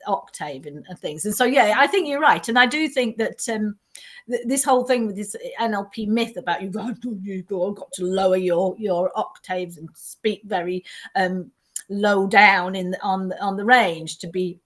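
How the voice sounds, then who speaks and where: A woman trainer explaining ideas in a conversational way, animated and quick to laugh, often restarting her sentences. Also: medium pitch. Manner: animated, self-interrupting storyteller who laughs often. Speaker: teaching trainer.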